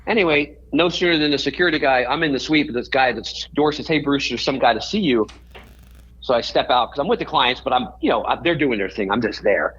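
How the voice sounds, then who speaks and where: A man's voice: medium pitch, fast, fairly bright tone, dull audio, a little hiss or hum. A man, a podcast guest, telling a story in a rambling way and often correcting himself mid-sentence.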